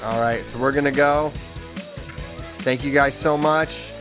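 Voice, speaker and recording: A man's voice: medium pitch, fairly even intonation, measured pace, music in the background. A man hosting a casual online show, upbeat and joking, laughing along and signing off. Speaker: host.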